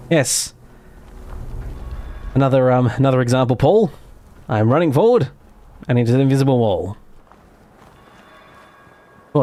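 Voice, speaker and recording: This Australian man streams a game, talking viewers through the live play in a rambling, self-deprecating way full of fillers and casual swearing. His voice is medium-pitched and warm.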